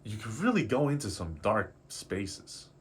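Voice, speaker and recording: A man's voice: on the low side, sing-song, a little slow. Emotional rambling man in his twenties. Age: 20s. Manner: emotional, rambling, self-doubting, swears casually. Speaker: artist vlogger. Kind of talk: candid confessional vlog. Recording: faint background noise.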